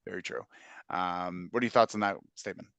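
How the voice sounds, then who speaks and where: A man's voice: low-pitched, steady tone, a little fast, gravelly, fairly bright tone, smooth, dry recording. A man co-hosting a podcast who laughs often, jokes around and reads listener comments aloud. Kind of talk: casual chat.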